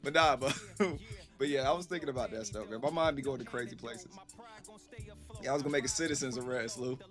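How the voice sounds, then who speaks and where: A man telling a story casually to his live stream chat, animated and rambling, acting out the voices he quotes. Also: mid-range voice, brisk, soft background music.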